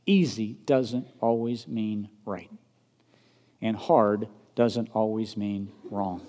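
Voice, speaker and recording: A man preaching a sermon, swinging from loud emphatic peaks down to soft low asides and asking the congregation rhetorical questions. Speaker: pastor. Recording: long reverb of a large hall.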